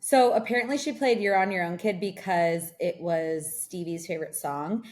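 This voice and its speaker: On the low side and moderately paced, this young woman's voice carries a long, rambling story on a podcast she co-hosts from a remote setup. The chat is casual, and "like" comes up over and over.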